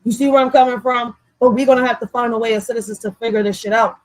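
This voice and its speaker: A high-pitched young woman rants on a livestream, animated, profane and heated. The recording is dry and close, with almost no room sound. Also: fast talker, no room sound, low-quality recording. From Philadelphia. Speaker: vlogger. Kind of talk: livestream rant.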